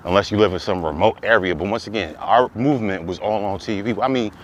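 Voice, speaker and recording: A man's voice: lowish voice, quick pace, a little hiss or hum. A man delivering an impassioned monologue, preaching with repeated rhetorical questions that climb to emphatic peaks. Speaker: commentator.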